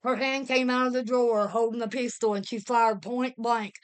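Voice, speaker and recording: A woman's voice: on the high side, fairly even intonation, normal speed, clear, resonant tone. A woman giving a vivid, dramatic reading of a pulp horror story. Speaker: reader.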